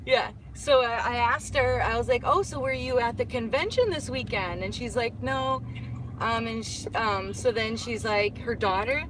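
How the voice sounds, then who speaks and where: A woman hosting a live stream, retelling a conversation in lively casual chat and quoting everyone with "I'm like.". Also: on the high side, moderate pace, background noise. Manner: animated storyteller, quotes others with "I'm like".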